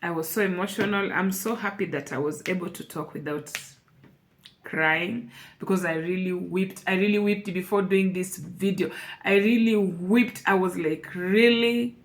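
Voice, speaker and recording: A woman's voice: lowish voice, fairly even intonation, normal speed, slight background noise. A woman speaking to camera in an emotional personal vlog, earnest and repeating phrases for emphasis. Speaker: vlogger.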